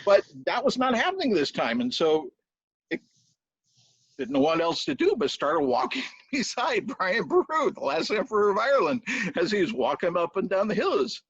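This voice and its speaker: A man telling a folk tale in a lively storytelling style, voicing sound effects along the way. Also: high-pitched, normal speed, gravelly, breathy edge, dry recording. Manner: animated, with spoken sound effects. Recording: dull dry lo-fi recording.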